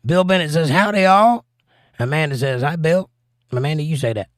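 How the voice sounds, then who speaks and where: A man's voice: fairly high pitch, fast, dry recording, clean studio sound. A man hosting a casual livestream, reading out viewer comments and answering them in an offhand way. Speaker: show host.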